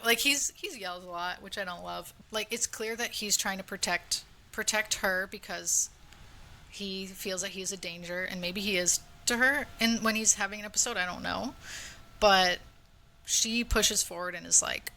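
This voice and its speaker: A woman's voice: medium pitch, moderate pace, sharp tone, a little hiss or hum. A young woman co-hosting a podcast, recounting a show in chatty storytelling full of "like," and opening up about her own life. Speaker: podcast co-host. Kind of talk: casual chat. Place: home room.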